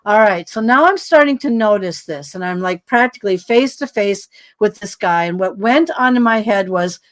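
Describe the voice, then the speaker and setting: A woman, a podcast guest, telling a long story in a rambling, animated way with many asides. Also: mid-range voice, moderate pace.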